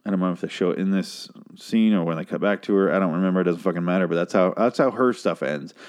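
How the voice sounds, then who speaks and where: A man recapping a TV episode in a casual, rambling way, swearing freely, and jumping into high-pitched impressions of the characters. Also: fast, darkish tone. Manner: rambling, profane, restarts a lot; mimics characters in a raised voice.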